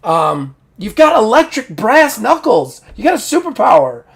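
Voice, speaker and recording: A man voicing a frantic, bossy young woman fighter who shouts urgently. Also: very high voice, sing-song, very slow, creaky, pitched above the performer's own voice, heavily acted.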